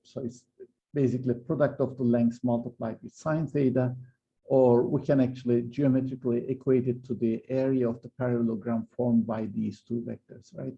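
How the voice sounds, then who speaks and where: A man's voice: medium pitch, creaky, warm tone, lo-fi sound. A man giving a university physics lecture, explaining step by step with frequent fillers and restarts. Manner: hesitant, many fillers and restarts.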